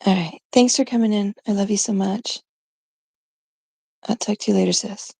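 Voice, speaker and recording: A woman's voice: medium pitch, fairly even intonation, moderate pace, gravelly, darkish tone, slightly rough, no room sound. A woman from Canada chatting casually on a live stream, rambling and giggling through mock-exasperated stories.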